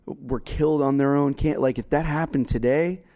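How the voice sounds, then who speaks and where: A man's voice: medium pitch, steady tone, normal speed, dark tone. A man co-hosting a casual chat, rambling and self-deprecating with many restarts. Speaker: co-host.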